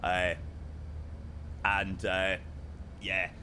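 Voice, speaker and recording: A man's voice: deep voice, completely flat delivery, drawn-out words, bright, forceful tone, slight background noise. A young man streaming a flight sim, chatting casually with his chat and calling people mate, his voice strained because he is losing it.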